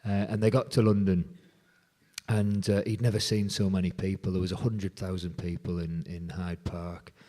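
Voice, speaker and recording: A folk musician being interviewed, retelling a story with lively quoted dialogue. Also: male voice, low voice, moderate pace.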